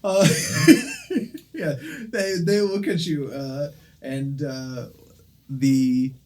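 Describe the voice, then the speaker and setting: Game master, unhurried and halting, mid-pitched, frequent fillers. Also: expressive, a little mellow, slight background noise. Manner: halting, many fillers, laughing. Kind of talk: narrating a tabletop game.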